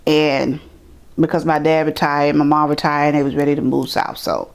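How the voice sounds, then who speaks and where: A middle-aged woman from New York telling her life story in an interview, animated and acting out the people she quotes. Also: deep voice, moderate pace, creaky. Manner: animated, acts out quoted voices, repeats words. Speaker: interview guest. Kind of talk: storytelling in conversation.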